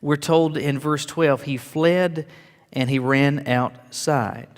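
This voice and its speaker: A man's voice: on the high side, steady tone, slow, in a large hall. A man preaching a sermon as pastor, earnest and rising to emphatic declarations, often repeating words as he builds.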